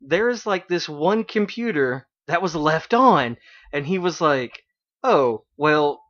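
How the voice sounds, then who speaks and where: A man's voice: a little high, lively intonation, takes it slowly, fairly bright tone. Rambling man on a lo-fi radio stream. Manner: rambling, with many fillers and quoted character lines. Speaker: radio show host. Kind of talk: casual chat recapping an anime episode. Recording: dull lo-fi online radio stream.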